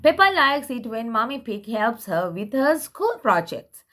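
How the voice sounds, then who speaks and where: A woman reads a picture book aloud for little ones, in a slow, sing-song way. Her voice is bright and fairly high, and it swoops up and down. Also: big pitch swings. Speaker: children's book reader.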